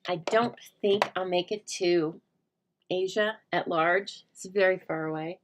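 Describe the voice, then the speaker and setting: A woman's voice: fairly low pitch, measured pace, a little hiss or hum. A middle-aged woman hosting a crafting livestream, chatting casually and rambling to her viewers while she works. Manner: chatty, rambling, laughs often, talks to viewers by name.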